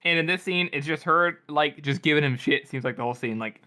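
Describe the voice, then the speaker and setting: A man's voice: a little high, brisk, hardly any pauses, bright, forceful tone. A man co-hosting a podcast, talking enthusiastically about a novel, quoting characters and laughing. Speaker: podcast co-host. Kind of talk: casual chat about a novel.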